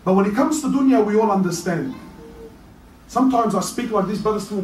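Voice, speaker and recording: A man preaching a sermon in an animated way, with shouted peaks and playful asides. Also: high-pitched, fairly quick. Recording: roomy echo, voice from a distance, faint noise.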